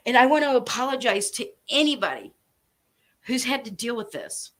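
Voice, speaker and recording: Woman with a slightly high voice; furious, foul-mouthed commentator warning someone off. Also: lively intonation, moderate pace. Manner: furious, profane, threatening, emphatic. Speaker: online commentator. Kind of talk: angry direct-to-camera rant.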